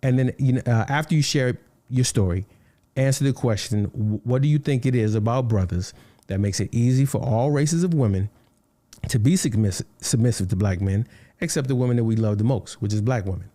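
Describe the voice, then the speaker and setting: A man's voice: medium pitch, fairly quick, mellow, dry recording. A man hosting a panel discussion, hesitant and easygoing as he hands the floor to guests. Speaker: host.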